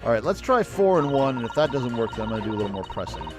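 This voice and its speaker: A man's voice: medium pitch, big pitch swings, very fast, music in the background. A man streaming a courtroom game, reading the dialogue aloud and chatting between lines. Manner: reads every character aloud in put-on voices. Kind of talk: game let's play with character voices.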